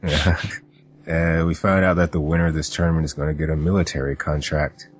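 A man's voice: extremely low pitch, level tone, a little fast. A man co-hosting a podcast, recapping episodes in casual chat and laughing often. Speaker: podcast co-host.

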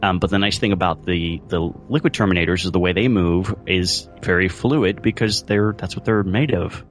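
Man, lowish voice, rambling, lots of fillers, faint music underneath. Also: normal speed. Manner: rambling, lots of fillers, animated when quoting. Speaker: podcast co-host. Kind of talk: casual chat about a TV episode.

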